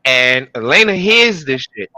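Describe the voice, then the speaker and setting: A man co-hosts a podcast, talking casually and bouncing all over his range as he acts out scenes. His tone is bright and sharp. The mic is close and dry, with no room around him. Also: a little slow, no room sound, rough recording. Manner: animated, acts out characters with sudden high-pitched voices. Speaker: podcast co-host. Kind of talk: casual chat recapping a TV episode.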